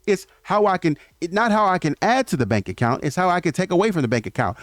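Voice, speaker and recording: A man's voice: sits high, animated, fast, no room sound. A man giving an opinionated commentary monologue on relationships, lecturing emphatically and often stammering through restarts.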